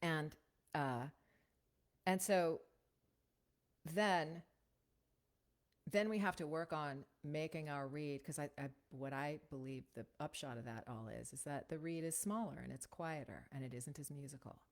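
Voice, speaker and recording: A woman teaching voiceover technique in a casual, conversational way, often checking in with a quick "right?". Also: low-pitched. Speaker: voiceover coach.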